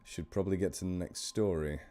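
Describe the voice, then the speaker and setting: A man's voice: low-pitched, fairly even intonation, fairly quick, dark tone. A man with a northern English accent chatting casually to his live stream viewers, rambling and over-enunciating his words. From northern England. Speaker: live stream horror story reader.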